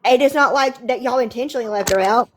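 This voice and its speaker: A woman's voice: fairly high pitch, quick pace, slight background noise. A woman on a livestream call, venting in an emphatic, profane, exasperated way. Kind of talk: heated casual livestream chat.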